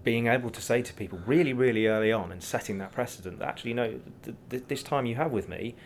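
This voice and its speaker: A man guesting as a business coach, telling his anecdotes briskly and chuckling at his own points. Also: medium pitch, slight background noise. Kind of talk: anecdotal interview talk.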